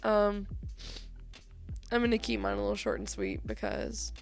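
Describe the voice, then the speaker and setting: A young woman with a deeply gravelly, fry-heavy voice speaks a heartfelt tribute to her best friend. She is teary and laughs through her words, swearing casually. Soft music plays faintly behind her. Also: little pitch movement, moderate pace. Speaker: co-host.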